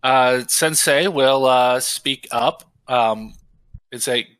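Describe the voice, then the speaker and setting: A man's voice: medium pitch, a bit bright, clear, resonant tone. A man playing a tabletop game, describing his character's actions with hesitant fillers. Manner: unhurried, hesitant. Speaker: player.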